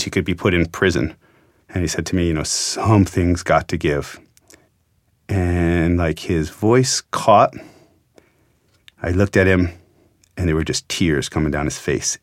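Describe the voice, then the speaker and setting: A man's voice: low voice, steady tone, a little fast, dry recording, studio quality. A man, a journalist, earnestly retelling an emotional story in a reflective interview.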